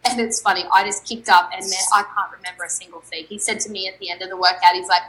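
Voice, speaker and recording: A woman's voice: mid-range voice, steady tone, fast talker, fairly bright tone, rough recording. A young adult woman, an athlete guest on a podcast, telling a story candidly and animatedly and quoting her own thoughts.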